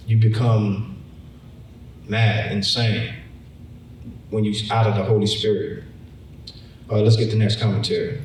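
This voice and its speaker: A man's voice: fairly low pitch, darkish tone, a little hiss or hum. A man preaching a Bible lesson in a conversational way, often repeating words and acting out the story. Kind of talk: sermon, Bible teaching. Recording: echoey room, mic far off.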